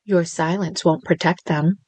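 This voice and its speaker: A woman's voice: on the low side, steady tone, a little slow, a little mellow, no echo. A woman voicing a smug male crime boss villain with a lilting, sing-song voice, teasing and crooning with mock sympathy.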